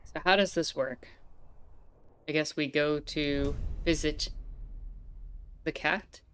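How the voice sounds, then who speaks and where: A woman's voice: low voice, fairly even intonation, slow pace, a bit bright, smooth. A woman streamer giving casual, playful commentary while playing a game, chatting with viewers and laughing often.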